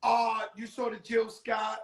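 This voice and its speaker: A man's voice: very high voice, completely flat delivery, a little slow, roomy sound, crowd noise. A man hosting a casual interview over a video call, a little tipsy, joking loosely with plenty of cursing. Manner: loose, joking, profane street talk. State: tipsy from drinking. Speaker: host.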